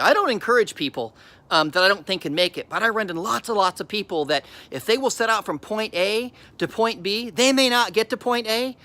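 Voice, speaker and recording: Um homem dá uma palestra motivacional sincera e emotiva, contando sua história com frases que recomeça e repete. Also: male voice, sits high, bright, forceful tone. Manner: earnest and emotional, with repeated restarts. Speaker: host. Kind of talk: motivational talk.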